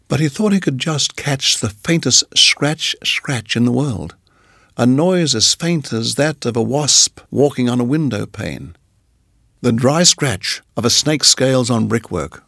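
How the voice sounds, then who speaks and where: A man narrating a storybook in a measured, even reading voice. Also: medium pitch, gravelly, husky, no echo, clean studio sound.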